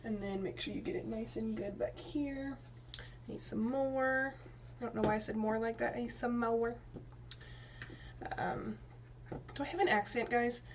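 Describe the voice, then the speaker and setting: A slightly high-voiced woman keeps a fairly even intonation and a moderate pace. Rambling and chatty, this Texas teacher and vlogger talks through dyeing hair with lots of fillers and restarts. Her mic is a bit far away, with faint room noise behind her.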